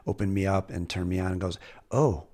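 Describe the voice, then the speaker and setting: A man's voice: low-pitched, completely flat delivery, quick pace, a little mellow. A man hosting an interview, talking candidly and reflectively, swearing casually now and then. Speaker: podcast host.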